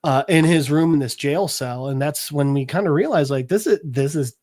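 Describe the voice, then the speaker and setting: A man's voice: on the high side, normal speed, darkish tone, no echo, clean studio sound. A man hosting a podcast, recapping a comic book in a rambling, casual way. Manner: rambling, filler-heavy storytelling. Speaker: podcast host.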